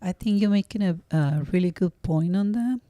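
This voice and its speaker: Deep-voiced, sincere prayerful woman. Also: dark tone, no room sound. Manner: sincere, prayerful, slightly halting. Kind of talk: heartfelt encouragement.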